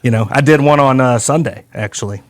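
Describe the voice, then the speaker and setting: Man, podcast host, casual storytelling, folksy, animated. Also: medium pitch, brisk. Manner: folksy, animated, acts out quoted voices.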